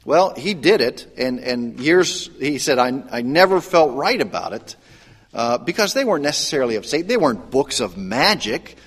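A man's voice: medium pitch, big pitch swings, moderate pace, slightly rough. A male pastor preaching a sermon in an earnest, conversational way, often restarting his phrases. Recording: long hall reverb.

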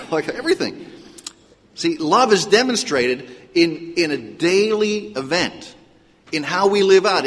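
Chatty man preaching in a hall. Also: on the high side. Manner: conversational, storytelling, lively asides. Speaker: pastor. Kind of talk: sermon.

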